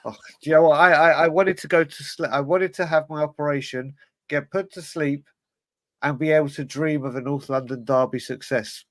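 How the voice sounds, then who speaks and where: A man's voice: on the high side, steady tone, normal speed, no echo. A man hosting a casual football fan podcast, chatting and greeting viewers by name. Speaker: podcast host.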